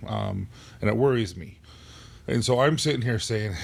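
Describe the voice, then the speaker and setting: A man's voice: lowish voice, moderate pace, creaky, no room sound. A man in his forties, a podcast co-host, telling a family story in casual chat and acting out what people said. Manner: storytelling, acts out quotes.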